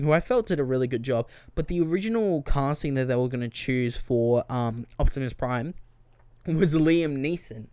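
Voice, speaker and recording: A man hosting a podcast, giving an animated, exasperated movie-review rant full of fillers and restarts. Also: medium pitch, normal speed, clean tone, dry recording. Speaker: podcast host.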